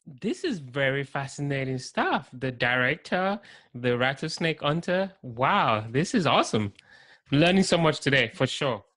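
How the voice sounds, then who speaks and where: A man's voice: mid-range voice, sing-song, measured pace, fairly bright tone. A man hosting an interview, asking questions and reacting with enthusiasm. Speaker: podcast host. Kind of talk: casual interview.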